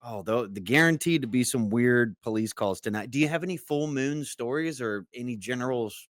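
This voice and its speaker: A man's voice: mid-range voice, a little fast, no echo, clean studio sound. A man co-hosting a casual podcast, teasing his partner and prodding him with questions. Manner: teasing, animated, prods with questions. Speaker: co-host.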